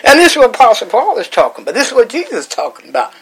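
A man's voice: very high voice, huge pitch swings, rapid-fire, few pauses, a bit bright, breathy edge, rough recording. A man hosting a Bible chat, preaching with repeated lines and rising emotional emphasis. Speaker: host and Bible teacher.

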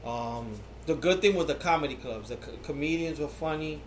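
A man's voice: a little high, normal speed. A man hosting a podcast, telling a long story in casual chat, with plenty of fillers and swearing. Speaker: podcast host. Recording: echoey room with faint background noise.

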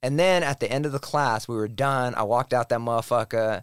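A man's voice: mid-range voice, fairly quick, smooth, dry recording. Dry, close-miked man telling a story. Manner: profane, animated, acts out quoted dialogue. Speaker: poet and professor, podcast guest. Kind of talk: casual storytelling conversation.

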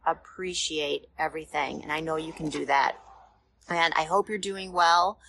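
A woman hosting a motivational podcast, talking in a gentle, reassuring, conversational way with small pauses and fillers. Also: lowish voice. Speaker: podcast host.

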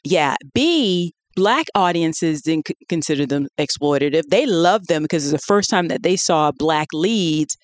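A woman co-hosting a podcast in casual chat, telling stories in an animated way with laughs. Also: low voice, measured pace, hardly any pauses, dry recording, studio quality. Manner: animated storytelling with laughs and acted quotes. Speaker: podcast co-host.

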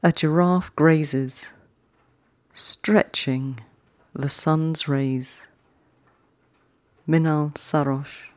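A podcast host reading short poems slowly and deliberately, each one twice with long pauses, then closing the show in a chattier way. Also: mid-range voice, steady tone, a little mellow, no room sound. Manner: chatty, quicker sign-off. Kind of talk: slow, measured poetry reading.

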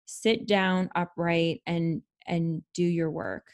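A woman's voice: lowish voice, steady tone, takes it slowly. A woman co-hosting a podcast, giving casual practical advice with lots of fillers. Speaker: podcast co-host. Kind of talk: casual chat.

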